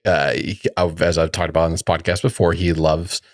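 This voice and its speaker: A man in his thirties co-hosting a podcast, relaxed and quick to laugh, in casual chat. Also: low voice, no echo, studio quality. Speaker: podcast co-host.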